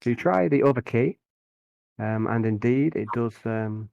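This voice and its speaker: A man running a tabletop game as game master, narrating in a relaxed, halting way with many fillers. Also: mid-range voice, creaky, no echo, muffled recording.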